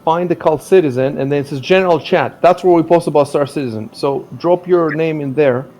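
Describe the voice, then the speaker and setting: A man hosting a live game stream in casual chat, rambling and halting, with frequent restarts. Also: on the high side, darkish tone. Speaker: stream host.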